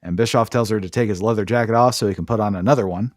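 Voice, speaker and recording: A man's voice: lowish voice, very fast, darkish tone, no echo, studio quality, soft background music. A man co-hosting a podcast, giving a sarcastic, profane play-by-play recap in casual chat. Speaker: podcast co-host.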